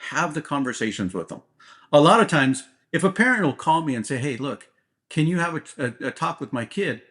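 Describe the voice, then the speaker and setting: A man's voice: on the high side, big pitch swings, a little fast, a bit bright. A man, a police officer guest, talking bluntly and plainly in an interview, often checking in with "right?". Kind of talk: candid interview talk.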